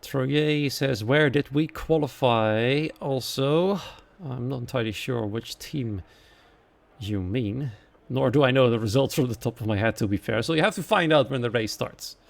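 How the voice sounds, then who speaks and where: A man's voice: mid-range voice, moderate pace, creaky. A man from the Netherlands with a Dutch accent, commentating a live sim racing event and reading out the chat. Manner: quiet and chatty while waiting, lively and louder once the race starts.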